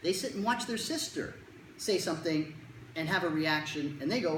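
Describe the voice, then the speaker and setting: In a lecture room before an audience, a presenter with a mid-range voice gives parents a talk on child anxiety. The delivery is animated and at normal speed, conversational and jokey, with quotes acted out. The recording has a roomy echo and faint room noise.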